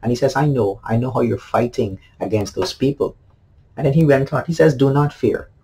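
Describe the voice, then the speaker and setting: A man's voice: medium pitch, brisk, dark tone, breathy edge, low-quality recording. A man, a pastor, giving a daily devotional sermon in an earnest way, repeating key phrases with many fillers.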